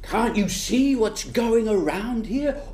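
A woman voicing a sorrowful male forest spirit, the green man, who speaks gravely and pleadingly. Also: a little high, lively intonation, slow, mellow. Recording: roomy echo with music behind.

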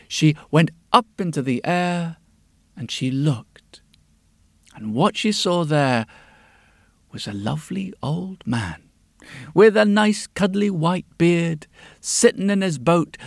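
A man's voice: fairly high pitch, no echo. A man telling a story in a dramatic way, often dropping to a whisper. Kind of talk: spoken storytelling to music.

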